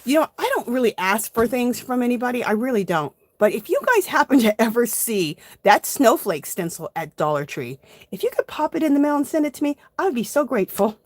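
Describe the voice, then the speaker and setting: A woman's voice: a little high, sing-song, brisk, no echo. A woman hosting a casual live art journaling tutorial, chatting to viewers as she works. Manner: chatty, addresses viewers as "you guys".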